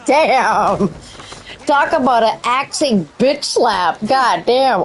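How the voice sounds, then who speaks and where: A woman streaming a video game, swearing casually and talking to the characters, her voice cracking and squeaking. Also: slow pace, noisy background. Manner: profane, excitable, talks to the game characters. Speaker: gaming streamer. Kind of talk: casual let's-play commentary.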